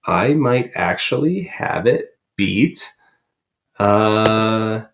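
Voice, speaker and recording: A man's voice: fairly low pitch, expressive, extremely slow, creaky. A man co-hosting a podcast in casual chat, rambling with many ums and uhs. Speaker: podcast co-host.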